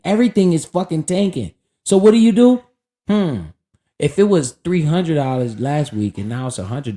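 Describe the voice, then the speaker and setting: A man's voice: high-pitched, warm tone. A man streaming live, casually talking about investing in a profane, hyped and preachy way.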